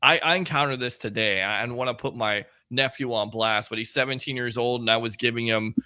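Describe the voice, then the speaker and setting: A man with a bright, forceful voice joins a casual sports chat on the panel, dropping quick interjections. His recording sounds dry, with no room echo. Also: medium pitch, clear, resonant tone.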